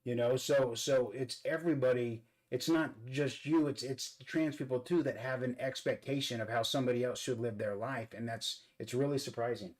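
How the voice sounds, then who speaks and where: A man's voice: mid-range voice, moderate pace, hardly any pauses, a little mellow, low-quality recording. Earnest man talking through his makeup. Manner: earnest, repeats words while searching for them. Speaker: vlog host. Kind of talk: casual talk while doing makeup.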